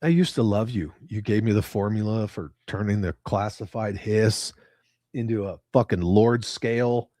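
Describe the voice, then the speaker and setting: A man's voice: lowish voice, normal speed, warm tone, dry recording, studio quality. A man hosting a livestream, joking around and swearing freely while chatting with viewers from home. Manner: profane, joking banter. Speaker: livestream host. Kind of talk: casual chat with live viewers. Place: at home with his cats.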